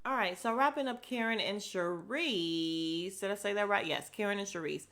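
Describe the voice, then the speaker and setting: A woman's voice: medium pitch, normal speed, fairly bright tone. Sassy woman podcaster recapping drama. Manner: sassy and blunt, with mild profanity; acts out quoted lines in bursts of mimicry. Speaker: podcast host recapping a reality show. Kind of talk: casual recap commentary.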